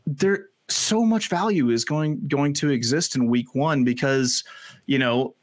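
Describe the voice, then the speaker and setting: Guy cohosting a sports pod, middle pitch, swears a lot, keeps restarting sentences, super dry close sound. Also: no room sound. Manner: animated, swears for emphasis, halting restarts. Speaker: podcast co-host. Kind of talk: casual sports chat.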